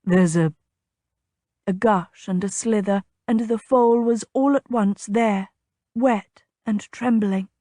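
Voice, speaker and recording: A woman narrating a historical romance audiobook in a measured, even storytelling manner. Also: fairly high pitch, no room sound, studio quality.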